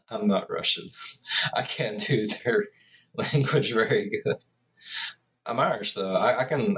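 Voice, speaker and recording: A man's voice: fairly low pitch, moderate pace, rough recording. A man hosting a reaction video, talking casually and joking around between clips. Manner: joking, rambling, laughs often. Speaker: reaction channel host.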